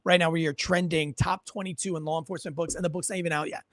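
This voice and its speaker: A man's voice: a little high, fairly even intonation, fast, no echo. A man hosting a podcast in a casual, rambling storytelling way, often restarting his sentences. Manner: rambling, self-correcting storyteller. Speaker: podcast host.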